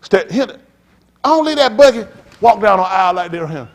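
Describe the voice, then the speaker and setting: A man preaching a sermon as pastor, telling stories with loud outbursts. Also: sits high, a little fast. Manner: animated preaching with storytelling, loud outbursts and laughs.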